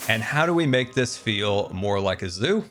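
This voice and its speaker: A man playing a video game and giving playful, excitable commentary as he builds and jokes. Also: fairly low pitch, moderate pace, faint music behind. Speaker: gaming YouTuber. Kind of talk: gameplay commentary.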